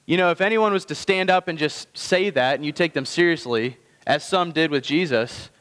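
A man's voice: fairly high pitch, fairly bright tone. Man preaching in a reverberant hall. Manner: conversational preaching with slow emphatic phrases. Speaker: pastor. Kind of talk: sermon.

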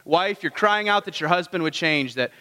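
A man preaching in a relaxed, conversational way, often checking in with his listeners. His voice sits a little high and sounds bright and forceful. Long reverb rings around him. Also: normal speed, smooth. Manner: casual, asks the congregation rhetorical questions. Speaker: pastor. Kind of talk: conversational sermon.

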